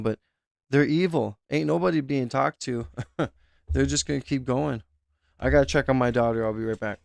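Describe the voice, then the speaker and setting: Man, streamer, gravelly voice, dry close sound, emotional live reaction commentary. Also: mid-range voice, normal speed, darkish tone, dry recording. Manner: emotional, exclaiming, speculative.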